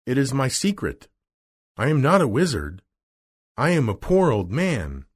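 A man's voice: medium pitch, wildly swooping pitch, measured pace, breathy edge, pitched above the performer's own voice, exaggerated voice. A man reading aloud and voicing a frightened little old male wizard who speaks in a small, pleading voice.

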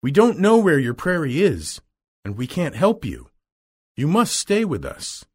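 A man voicing a kind little old woman, a gentle witch, speaking slowly and soothingly in a storybook reading. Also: fairly high pitch, wildly swooping pitch, husky, pitched above the performer's own voice, full character voice. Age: over 60.

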